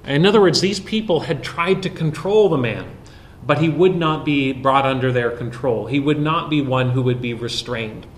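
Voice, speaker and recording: A man preaching an expository sermon, explaining a Bible passage verse by verse with frequent pauses. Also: mid-range voice, slight background noise.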